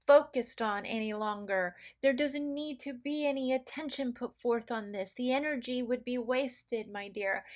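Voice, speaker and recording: A woman voices a council of kindly star beings in a channeled message, high-pitched and unhurried. Each point is pressed home with slow, emphatic repetition. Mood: reassuring. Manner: slow, emphatic, repeats key phrases. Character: collective of benevolent star beings, urgent, encouraging.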